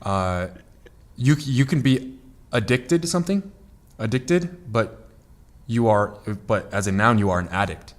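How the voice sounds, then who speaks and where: A man with a fairly low voice co-hosts a casual podcast chat. He explains at length, stumbling over restarts and repeated words as he works through an idea. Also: very animated, moderate pace. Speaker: podcast co-host.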